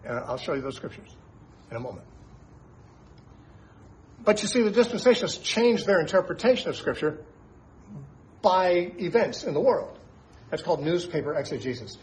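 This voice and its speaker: Emphatic man teaching scripture, slightly high. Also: rough recording. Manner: emphatic, rhetorical questions. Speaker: radio Bible teacher.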